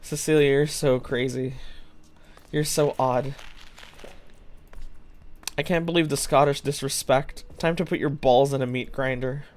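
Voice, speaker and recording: This young adult streamer talks to the audience between plays in a darkish, mid-range voice, taking his time, with fairly even intonation and long pauses. His humor is dry, with the odd curse word.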